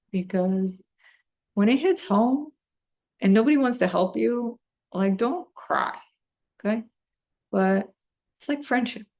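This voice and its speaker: A woman's voice: medium pitch, creaky, a little mellow. A woman who owns a beauty business, talking to camera from her office in an emphatic, ranty way with lots of "like.". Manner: ranty and emphatic, heavy use of "like". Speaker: beauty business owner and host. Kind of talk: casual talk to camera.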